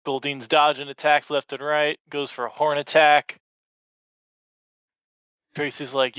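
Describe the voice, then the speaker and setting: A man with a bright, clean and smooth voice recaps a cartoon story in an easygoing way. He is a relaxed guest on the podcast. The sound is dry and the audio is dull. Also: fairly high pitch, a little slow, pauses often, dry recording. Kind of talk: casual episode recap chat.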